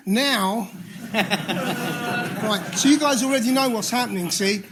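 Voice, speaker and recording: A man's voice: sits high, moderate pace, pauses often, fairly bright tone, slightly rough. A man in his sixties with a London accent, sharing his story at a recovery meeting in a candid, self-mocking way, with frequent restarts. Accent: London English. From England. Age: 60s. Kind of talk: personal share at a recovery meeting. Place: meeting room.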